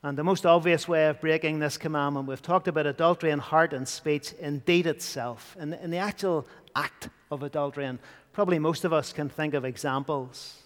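A man's voice: on the high side, fairly even intonation, brisk. Earnest preacher man in a reverberant hall. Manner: earnest preaching, dropping to hushed tones for emphasis. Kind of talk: sermon.

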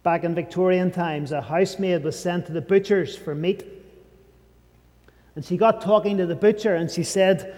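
A male preacher delivers an emphatic sermon in a fairly high, mellow voice. He sinks to a hushed low tone on his key phrases. The sound carries the long reverb of a large church hall. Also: fairly even intonation, normal speed.

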